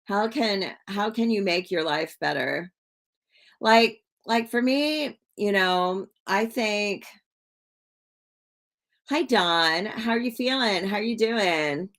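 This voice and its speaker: A woman's voice: medium pitch, slow pace, a bit bright. A woman hosting a casual livestream, talking to viewers in a rambling way with many fillers and repeated words. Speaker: livestream host.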